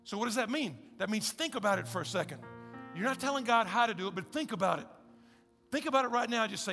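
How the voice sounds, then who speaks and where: A man preaching in a big hall, his voice high and gravelly. He talks to the crowd with an emphatic, conversational push, and a long reverb trails his words. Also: expressive, fast, sharp tone, faint music behind. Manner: emphatic, conversational preaching with repeated calls to listen. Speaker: pastor. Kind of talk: sermon.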